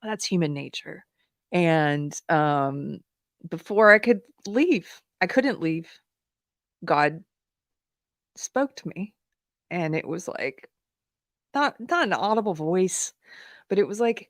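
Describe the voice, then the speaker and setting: A woman hosting a live talk show, telling a personal story in a candid, animated way with fillers and laughs, at times close to tears. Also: on the low side, takes it slowly, long pauses, no echo. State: emotional, near tears. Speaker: podcast host. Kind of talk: live-streamed commentary, personal anecdote.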